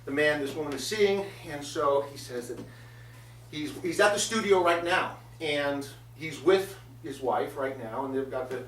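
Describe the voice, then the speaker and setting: A man hosting a comedy show tells a wandering tale, stopping often on fillers before landing a sarcastic aside. His voice sits somewhat high for a man. He sounds set back from the mic in an echoey room. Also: fairly bright tone, recorded from a distance, slight background noise. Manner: meandering storyteller, many filler pauses, sarcastic asides. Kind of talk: rambling comic monologue.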